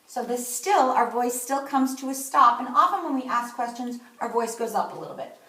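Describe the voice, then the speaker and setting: A woman teaching a kindergarten class remotely, speaking slowly and clearly. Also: fairly high pitch, animated, sharp tone, far from the mic. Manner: slow, clear, instructive delivery. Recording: echoey room, voice from off-mic.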